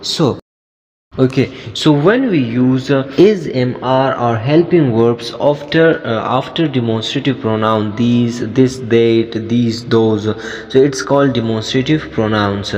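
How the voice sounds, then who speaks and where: A man teaching a grammar lesson as an English teacher, talking in a halting way with many fillers and restarts. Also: mid-range voice, darkish tone, big-room sound, lo-fi sound.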